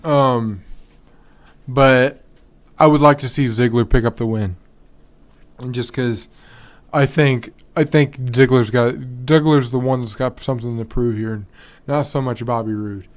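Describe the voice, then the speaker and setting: A man's voice: mid-range voice, steady tone, unhurried, pauses often. A man hosting a podcast on his own in a casual, rambling way, full of ums and restarts, yawning and tired. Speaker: podcast host. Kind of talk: casual solo podcast talk.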